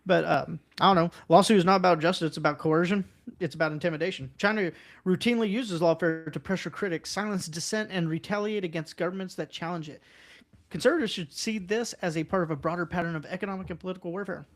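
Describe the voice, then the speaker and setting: A man from Missouri hosting a podcast, reading news aloud and breaking into animated, mocking commentary. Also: sits high, fast talker. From Missouri, USA. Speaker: podcast host.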